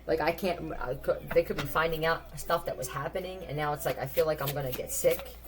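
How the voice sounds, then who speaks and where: A woman's voice: deep voice, steady tone, brisk. A woman giving a casual tarot reading, thinking aloud in a blunt, profane way. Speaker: tarot reader.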